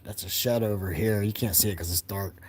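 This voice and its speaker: A man's voice: fairly low pitch, brisk, darkish tone, breathy edge, poor audio. A man talking casually on a livestream at night from indoors by a window, rambling in an easygoing way and chuckling often. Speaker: livestream host talking to chat and his young son.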